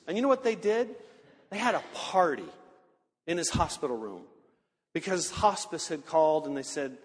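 A man preaching a sermon in earnest storytelling fashion, slowing down to stress key words. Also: on the high side, animated. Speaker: pastor. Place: large church sanctuary. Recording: long hall reverb.

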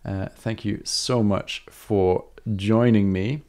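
A man's voice: on the low side, fairly even intonation, slow, warm tone. A man hosting a live harmonica Q&A, explaining techniques in a chatty way, full of ums and self-corrections. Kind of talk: casual live-stream teaching.

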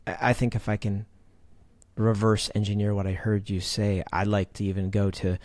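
Affirming low-voiced podcast host. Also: male voice, little pitch movement, normal speed, darkish tone, no room sound. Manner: affirming, sums up the guest's points in lofty words. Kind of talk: reflective interview questions.

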